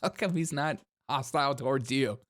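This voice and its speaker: A man's voice: mid-range voice, normal speed, no room sound, studio quality. A man hosting a comedic commentary show, mocking clips sarcastically and laughing often.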